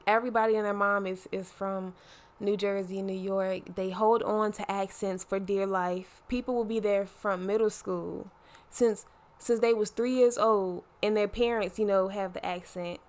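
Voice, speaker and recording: A woman's voice: medium pitch, steady tone, normal speed. Chatty Baltimore woman with a Southern twang. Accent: Baltimore with a slight Southern twang. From Baltimore, Maryland. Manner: chatty, slangy, playful asides. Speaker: vlogger. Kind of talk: casual chat to camera.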